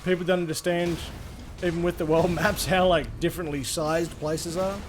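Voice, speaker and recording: A man's voice: a little high, fairly even intonation, normal speed, slight background noise. A young Australian man streaming a game, rambling and swearing casually as he answers chat between plays. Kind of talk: casual gaming livestream chat.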